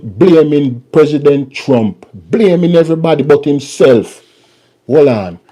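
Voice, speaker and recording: A man's voice: fairly high pitch, dark tone. A man hosting a political commentary vlog and ranting in a mocking, repetitive way.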